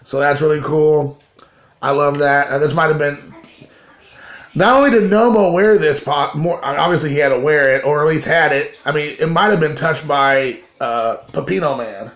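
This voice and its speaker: A man's voice: on the high side, fairly even intonation, moderate pace, a bit bright, lo-fi sound. A man from Kentucky, a card collector, chatting casually in a rambling show-and-tell vlog, often correcting himself mid-sentence. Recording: roomy echo.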